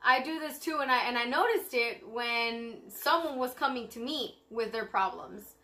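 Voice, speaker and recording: A woman's voice: a little high, moderate pace, sharp tone. A young woman chatting casually to her viewers on her vlog, bubbly and rambling with lots of fillers. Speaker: vlogger.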